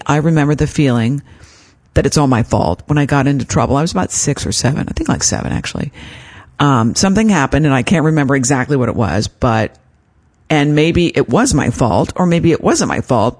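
A woman hosting a self-help podcast, talking gently and encouragingly as a life coach. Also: extremely low pitch, expressive, normal speed. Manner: gentle, encouraging, acts out her inner voice in quotes.

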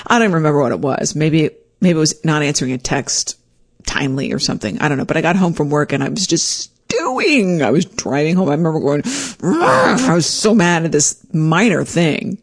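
Animated woman telling a personal story. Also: brisk, slightly rough. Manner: animated, acts out her own quoted lines with big pitch jumps; self-deprecating, reflective.

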